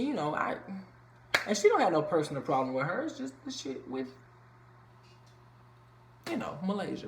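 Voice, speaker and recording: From a room at home, a man rants casually and bluntly, swearing plenty, as he reviews a reality show in vlog-style commentary. His voice is fairly high with vocal fry, and the echoey room carries faint ambience and slight background noise.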